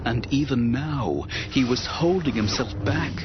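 Expressive male audiobook narrator. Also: medium pitch, unhurried. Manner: dramatic, expressive. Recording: dull recording with music underneath.

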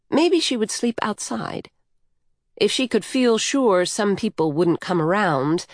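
A woman reading a novel aloud in measured, even storytelling. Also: on the low side, dry recording, clean studio sound. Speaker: audiobook narrator. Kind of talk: scripted narration.

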